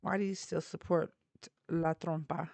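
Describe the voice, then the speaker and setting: Fired-up live stream host, gravelly and raspy, dry close mic, mocks callers. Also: mid-range voice, flat delivery, normal speed, darkish tone, dry recording. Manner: blunt, combative, mocking. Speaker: live-stream political talk show host. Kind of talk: heated live call-in debate.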